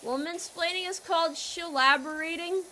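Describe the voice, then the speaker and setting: Bright high-voiced woman streamer. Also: moderate pace, a little hiss or hum. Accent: American. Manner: playful, loud and teasing with chat, trailing into quiet mock apologies. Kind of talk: casual game stream chat.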